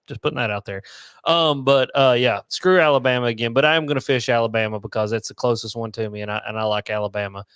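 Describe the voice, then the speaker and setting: A man's voice: mid-range voice, fairly even intonation, fast talker, fairly bright tone, clean tone, no echo, clean studio sound. A man with a Southern US accent, a podcast guest chatting bluntly and joking, swearing freely. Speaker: guest angler. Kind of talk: casual podcast chat.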